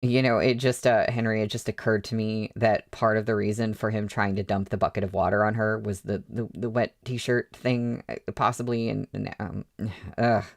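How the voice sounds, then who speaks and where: A man's voice: on the low side, little pitch movement, moderate pace, vocal fry. A man reading a novel aloud at a casual pace, breaking off for chatty, hesitant asides full of fillers. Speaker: book reader. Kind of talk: casual read-along with asides.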